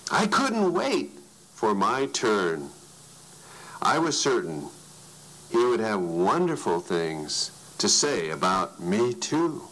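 A man narrating a story in an animated way, his voice swinging widely for emphasis. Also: fairly low pitch, poor audio.

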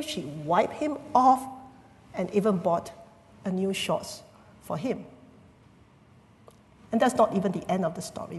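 Woman preaching in a reverberant hall. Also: medium pitch. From Singapore. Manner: teacherly, unpacking Greek words with rhetorical questions. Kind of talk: sermon. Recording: long reverb of a church hall.

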